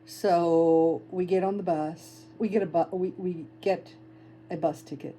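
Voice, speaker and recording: Woman in middle age, casual travel storytelling, lively delivery, mellow dark voice, faint background hum. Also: fairly low pitch, unhurried, rough recording. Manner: animated, laughs often, acts out quoted voices. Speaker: travel vlogger.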